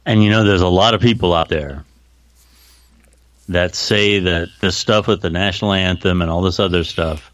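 A man's voice: low-pitched, normal speed, a bit bright, dry recording. A man co-hosting a casual podcast chat, mostly agreeing with short replies. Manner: agreeable, brief backchannel replies. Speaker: podcast co-host.

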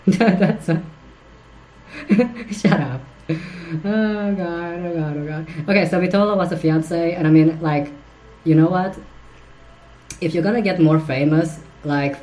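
A woman's voice: low voice, warm tone, rough recording. A woman hosting a solo commentary podcast, crude and giggly, rambling with lots of fillers and restarts. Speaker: podcast host.

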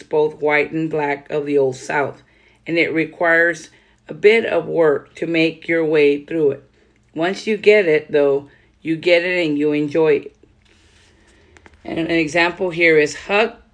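A woman podcast host reading aloud from a book on writing, breaking off for loose conversational comments. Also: low-pitched. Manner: reads steadily, then adds loose conversational comments. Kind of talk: reading a writing guide aloud with casual asides.

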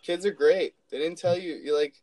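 A man's voice: on the high side, steady tone, moderate pace, over a noisy crowd, low-quality recording. A man co-hosting a casual podcast, trading sarcastic, profane jokes and stories about his daughter. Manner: joking, sarcastic banter with profanity. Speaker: podcast co-host; father.

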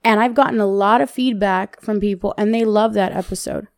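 A woman's voice: medium pitch, steady tone, brisk, a little mellow. A young woman co-hosting a podcast in casual chat, chatty, swearing freely and laughing often. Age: young adult. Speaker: podcast co-host.

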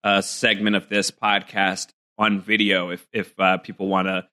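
A man's voice: sits low, level tone, normal speed, bright, forceful tone. A man co-hosting a podcast over a video call, chatting casually through a snack taste test and thinking aloud with lots of fillers. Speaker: podcast co-host.

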